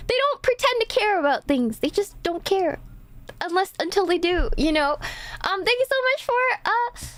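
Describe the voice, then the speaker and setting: A high-pitched woman streamer in casual live chat. She rambles and restarts, scattering "like" through her sentences as she tells her stories. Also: big pitch swings, normal speed, fairly bright tone. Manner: rambling and chatty, full of "like" and restarts. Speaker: streamer host.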